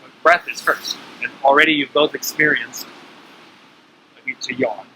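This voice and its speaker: Bright-voiced man coaching breathing. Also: medium pitch, fairly even intonation, moderate pace, slight background noise, low-quality recording. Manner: coaching, often checks in with "right?". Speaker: breathing teacher. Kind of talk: casual instructional talk.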